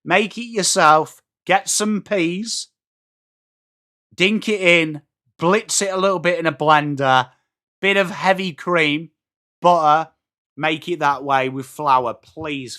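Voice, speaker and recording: Chatty English host for a live footy watchalong: high, bright voice, bouncing between play calls and viewer chat. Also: male voice. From England.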